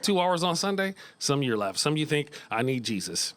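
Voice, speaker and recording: A middle-aged American man doing a stand-up set in a small club, animated, often jumping into high voices. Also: fast talker. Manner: animated, jumps into high squeaky voices for kids. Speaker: stand-up comedian. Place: small comedy club stage.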